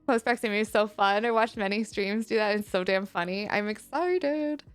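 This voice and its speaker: A woman streaming live, chatting with her viewers, reading their messages aloud and reassuring them gently and warmly. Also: mid-range voice, moderate pace, clear, resonant tone, soft background music. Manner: gentle, reassuring and affectionate toward chat.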